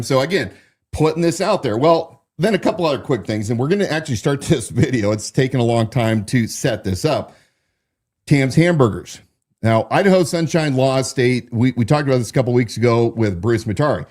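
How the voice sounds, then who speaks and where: A man delivers a loose political commentary monologue as host, at a mid-range pitch. He trips over his words now and then, restarting sentences and filling gaps with "uh". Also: expressive, a little fast, darkish tone. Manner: restarts and fillers, stumbles over explanations.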